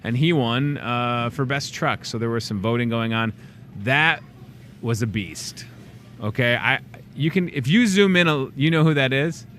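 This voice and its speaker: Hosting a show for a local store, this man promotes events and deals in a relaxed, joking way, full of chatty asides and lively sales energy. His voice is mid-range and a little slow, and there's slight background noise.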